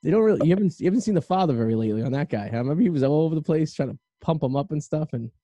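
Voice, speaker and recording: Male host, quick crude banter, dark tone, close and dry. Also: fairly high pitch, animated, no echo, dull audio. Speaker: podcast host. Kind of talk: casual chat.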